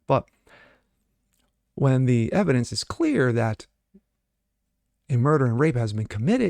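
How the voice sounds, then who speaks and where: Blunt, gravelly male news commentator. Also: mid-range voice, very animated, unhurried, long pauses, darkish tone, no room sound, clean studio sound. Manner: blunt, sarcastic, many fillers. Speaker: host. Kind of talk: solo commentary reading news and opining.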